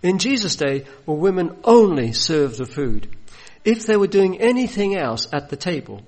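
Man, preacher, husky voice, fairly high pitch, storytelling sermon. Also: very animated, moderate pace, a little mellow. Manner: storytelling, acts out voices of biblical figures.

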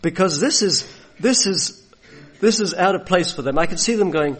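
Male preacher, slightly raised pitch, husky tone, vivid storyteller who acts out the scenes. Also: lively intonation, moderate pace. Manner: storytelling, acts out voices of biblical figures. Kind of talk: sermon.

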